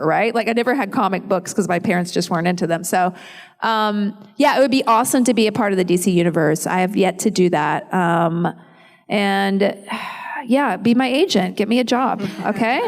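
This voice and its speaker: Chatty woman answering fans in a hall. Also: medium pitch. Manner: chatty, self-deprecating, laughs often. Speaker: convention panel guest. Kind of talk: fan Q&A panel. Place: large convention hall. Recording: long hall reverb.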